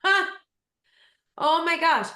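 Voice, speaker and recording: A woman's voice: extremely high pitch, slow, pushed and bright, roomy sound. A woman guest in an interview, telling a personal story earnestly and emphatically, often repeating words for weight.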